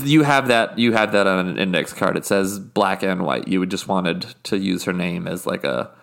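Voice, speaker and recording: A man's voice: sits low, moderate pace, gravelly, few pauses, a bit bright. Blunt, exasperated male podcast host. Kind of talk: improvised comedy podcast.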